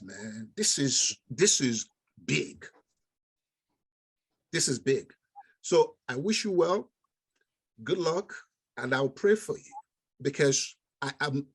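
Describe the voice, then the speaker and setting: A man's voice: medium pitch, breathy edge. A man giving emphatic, encouraging advice on a video call. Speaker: meeting participant.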